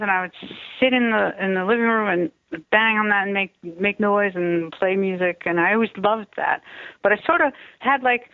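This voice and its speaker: A woman's voice: medium pitch, no room sound. Woman on a tinny phone line. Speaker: guest musician, guitarist. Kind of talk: casual radio interview over the phone. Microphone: telephone.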